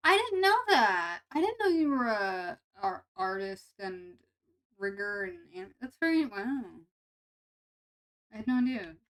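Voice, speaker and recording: A woman's voice: mid-range voice, very animated, measured pace, smooth, poor audio. A young woman VTuber chatting casually with her stream viewers, playful and self-mocking, tripping over her words.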